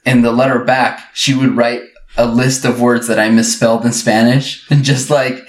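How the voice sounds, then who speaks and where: A man's voice: mid-range voice, level tone, moderate pace. A man from Uruguay, a podcast co-host, chatting casually and laughing often as he tells self-mocking stories. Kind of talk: casual chat. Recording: roomy echo.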